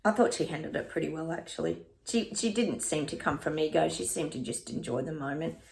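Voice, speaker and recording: Gravelly-voiced chatty woman. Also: deep voice, fairly quick, darkish tone. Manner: chatty and rambling, addresses viewers as guys. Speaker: psychic reader. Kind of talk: casual livestream chat with tarot readings.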